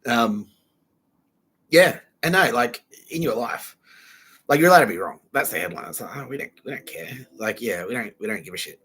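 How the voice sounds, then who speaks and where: A man's voice: mid-range voice, moderate pace, bright, forceful tone, breathy edge. A young man hosting a comedy podcast, rambling through a profane comic monologue, laughing and acting out quoted voices.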